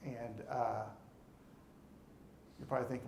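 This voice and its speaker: A man's voice: mid-range voice, brisk, gravelly, long pauses, a little mellow, echoey room, slight background noise. A middle-aged man gives a motivational speech to an audience in a room, talking earnestly and often repeating words as he starts sentences. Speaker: alumnus speaker.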